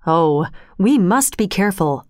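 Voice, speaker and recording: Resolute male lawyer, read by a woman, firm measured speech, crisp clear voice. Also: medium pitch, animated, dry recording, clean studio sound, natural voice. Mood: alarmed. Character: grave middle-aged male lawyer, resolute.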